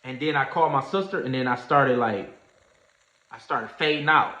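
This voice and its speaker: A man telling a story in a casual livestream, animated and slangy, acting out what others said. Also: mid-range voice, moderate pace. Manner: animated storyteller, acts out quoted voices, Southern US slang. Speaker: trading streamer. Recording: echoey room, dull lo-fi sound.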